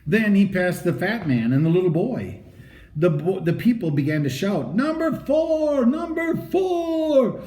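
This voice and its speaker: A man reads a children's story aloud with a lively, rising and falling delivery and a mellow, soft-edged tone. His narration is animated and expressive. The recording has a noticeably roomy echo. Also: on the high side, moderate pace. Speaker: audiobook reader.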